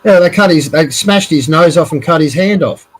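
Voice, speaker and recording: A man's voice: fairly high pitch, moderate pace, breathy edge, poor audio. A man in a casual chat, rambling, swearing and repeating himself.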